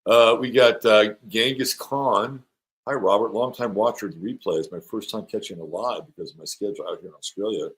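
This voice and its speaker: Middle-aged male astrologer host, a bit low-pitched, loose and joking as he reads out chat comments. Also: fairly quick, fairly bright tone, low-quality recording. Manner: rambling, playful, reads viewer comments aloud. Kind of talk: live-stream chat with viewers.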